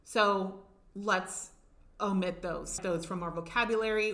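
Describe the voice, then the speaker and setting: A middle-aged woman speaks straight to camera as a life coach, her voice bright and forward. She talks with punchy emphasis and slows down to stress the words that matter. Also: medium pitch, fairly even intonation. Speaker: life coach and retreat leader. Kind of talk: motivational talk to camera.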